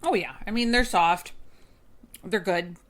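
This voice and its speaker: A woman co-hosting a casual podcast, teasing and relaxed, with lots of soft murmured agreement. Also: medium pitch, a little slow. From Canada. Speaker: podcast co-host. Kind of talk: casual chat.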